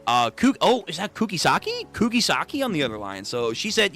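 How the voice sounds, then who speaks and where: A man giving casual reaction commentary on a manga read-through, animated and exclaiming in disbelief, with frequent swearing. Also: fairly high pitch, a little fast, hardly any pauses, faint music behind.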